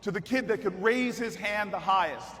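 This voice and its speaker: Guy with a really high voice yelling a political rally speech, tells a story then builds up, big echoey hall, crowd in the back. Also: normal speed. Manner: storytelling, building to shouted repeated calls. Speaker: political speaker at a party convention. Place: large convention hall with audience.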